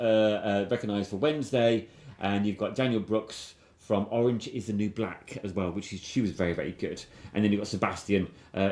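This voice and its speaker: Man, film podcast host, low voice, rambling, eager, lots of restarts, roomy echo. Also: a little mellow. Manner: rambling, enthusiastic, with frequent restarts. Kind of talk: casual chat.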